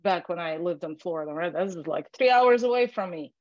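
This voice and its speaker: A woman matchmaker and dating coach giving casual podcast advice, chatty and animated, acting out sample lines and often asking "right?". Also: fairly low pitch, a little fast, no room sound, muffled recording.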